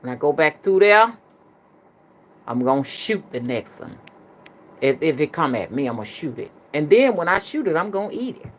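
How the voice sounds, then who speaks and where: A woman's voice: low-pitched, very animated, normal speed. A middle-aged woman with a Southern US accent, a spiritual reader chatting casually to her viewers and telling a story. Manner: colloquial, chatty, addresses the audience as "y'all".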